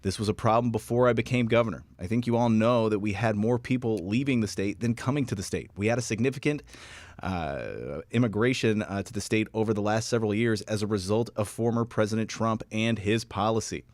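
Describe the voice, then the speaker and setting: A man co-hosting a podcast, talking politics in a steady way and reading quotes aloud. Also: on the low side, a little fast, no echo. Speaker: podcast co-host. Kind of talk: casual political chat.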